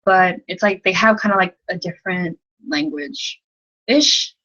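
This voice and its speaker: A woman's voice: lowish voice, unhurried, background noise. Young woman teaching from her bedroom, rambly and giggly, says like a lot, kinda dull lo-fi sound. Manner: rambling, giggly, self-deprecating, full of "like". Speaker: language tutor. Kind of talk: casual livestream lesson. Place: bedroom at home at night.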